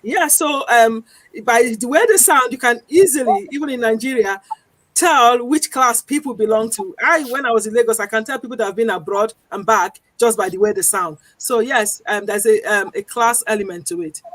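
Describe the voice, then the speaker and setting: A woman's voice: on the high side, moderate pace, fairly bright tone, no echo. A woman guest on a TV discussion show, explaining her campaign in an earnest way and repeating key points for emphasis.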